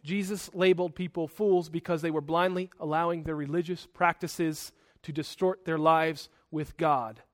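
Guy preaching, high-ish voice, animated, keeps correcting himself. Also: moderate pace, few pauses. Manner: animated, acts out angry outbursts, self-correcting asides. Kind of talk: sermon.

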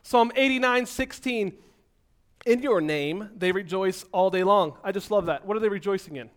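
A man preaching an energetic, animated sermon, so physically active that he sounds out of breath at times. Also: high voice, normal speed.

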